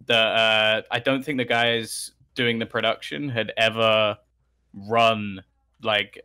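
A young man, guesting on a podcast, recounting stories in an animated, restart-filled way. His voice sits at an average pitch but sounds bright and forceful. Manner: animated anecdote telling with laughs and restarts. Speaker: esports caster, podcast guest. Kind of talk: casual podcast storytelling.

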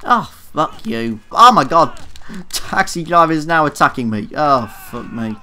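A man's voice: on the high side, very animated, a little slow, sharp tone. Flustered man narrating his gameplay. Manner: flustered, swears often, self-mocking. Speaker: gaming YouTuber. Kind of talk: casual let's play commentary.

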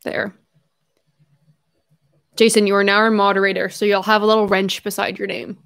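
A young adult woman hosting a casual livestream from home, chatting effusively and reading viewer messages aloud with quick asides and self-corrections. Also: mid-range voice, little pitch movement, vocal fry, a bit bright. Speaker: livestream host.

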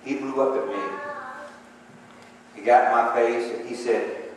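A man's voice: mid-range voice, fairly even intonation, normal speed, pauses often, a little hiss or hum. A man preaching a sermon, moving between emphatic calls for response and conversational storytelling. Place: church sanctuary. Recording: echoey hall from far off.

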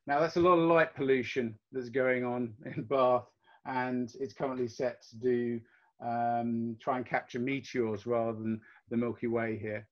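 A man gives a relaxed, explanatory club presentation over a video call, with many ums and uhs. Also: mid-range voice, a little slow. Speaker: astronomy club meeting presenter. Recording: dull lo-fi video call audio.

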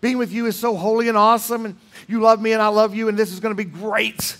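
A man's voice: sits high, flat delivery, fast talker, a bit bright, pitched above the performer's own voice. A preacher voicing an overeager young man who gushes with breathless enthusiasm. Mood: giddy. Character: gushing overeager young man, giddy and devout.

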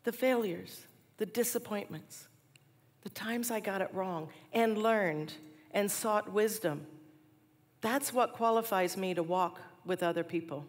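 Woman in her forties, chapel speaker with lively storytelling; long reverb from a big hall. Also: mid-range voice, a little slow. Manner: animated storyteller, laughs at herself.

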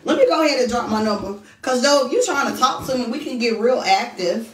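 A woman's voice: a little high, animated, fast talker, slight background noise. A woman hosting a casual livestream from home, chatting straight to her viewers and reading their comments aloud. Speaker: livestream host. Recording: echoey room, voice from a distance.

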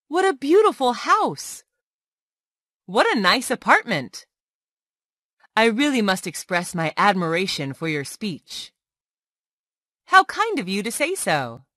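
Slow, lively-voiced woman reading phrases. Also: mid-range voice, no echo, studio quality. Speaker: English tutor. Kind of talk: reading practice phrases aloud.

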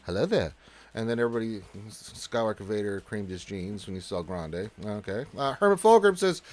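A man's voice: lowish voice, animated, fairly quick, a little mellow. A man hosting a casual gaming livestream, reading chat messages aloud and greeting viewers with loose jokes and plenty of fillers. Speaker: livestream host.

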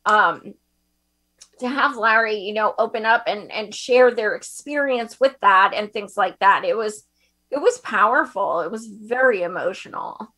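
A woman's voice: medium pitch, measured pace. A woman co-hosting a casual online chat, laughing often and telling stories with feeling. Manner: laughs often, warm storytelling. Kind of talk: casual chat on a video call.

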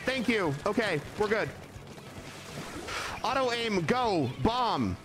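A man giving live commentary as he plays a video game, excitable, jumping from low muttering to sudden yelps and repeating phrases over and over. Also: a little slow, pauses often, music in the background. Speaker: streamer.

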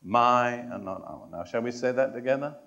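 A man preaching a sermon to a congregation. He speaks in a measured, emphatic way, puts questions and challenges to his listeners, and adds touches of dry humor. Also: mid-range voice, expressive, gravelly, a bit bright, highs cut off. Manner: addresses and challenges the congregation directly.

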